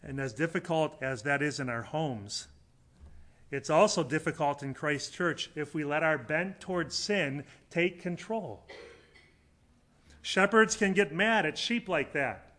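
A man preaching a sermon in an earnest, conversational way, swinging between loud emphatic lines and quiet, low asides. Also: measured pace. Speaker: pastor.

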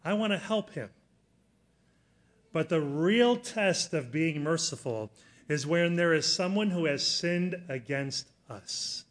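A middle-aged man preaching a sermon, telling a personal story in an earnest way that rises to loud emphasis. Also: on the high side, expressive, slow pace.

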